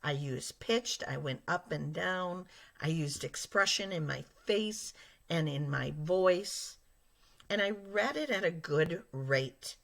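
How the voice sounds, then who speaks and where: A woman teacher giving a lesson to young children, explaining slowly and patiently and speaking straight to her class. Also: sits low, lively intonation, creaky. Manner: slow, patient and explaining, addressing children directly.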